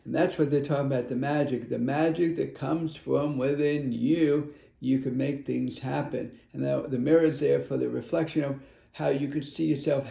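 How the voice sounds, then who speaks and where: A man's voice: mid-range voice, vocal fry, dark tone, echoey room. A middle-aged man giving a tarot card reading as a spiritual advisor, speaking earnestly and wandering between thoughts. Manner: earnest and meandering, with acted-out inner voices.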